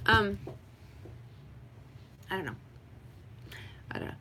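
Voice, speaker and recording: A woman's voice: lowish voice, unhurried, bright, forceful tone, slight background noise. A woman from New Mexico chatting casually on a livestream, rambling through viewer questions with lots of fillers and frequent laughs. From Hobbs, New Mexico. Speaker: vlogger. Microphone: webcam or phone livestream.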